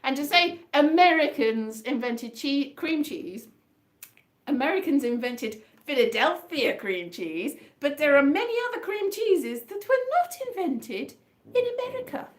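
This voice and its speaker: A woman's voice: high voice, expressive, unhurried. A woman hosting her own online fringe show, rambling chattily and self-mockingly, half singing her talk over a guitar. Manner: chatty, meandering, sing-song, self-mocking.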